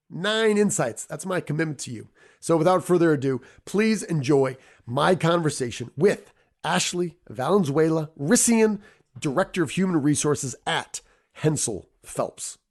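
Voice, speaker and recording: Man, podcast host, emphatic, playful, fairly high pitch. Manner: playful, emphatic, repeats for effect. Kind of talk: energetic podcast intro and interview.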